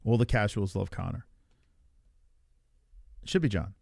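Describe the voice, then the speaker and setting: A man's voice: fairly low pitch, animated, a little slow, vocal fry, darkish tone, dry recording, clean studio sound. A young man streaming live, ranting loosely about fights with lots of swearing and reacting to chat. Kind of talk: livestream fight talk.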